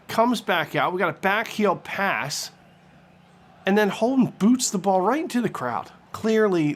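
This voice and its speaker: A man doing comedic play-by-play commentary over his football video game, excitable and crude, shouting on big plays. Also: sits high. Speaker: gaming commentator.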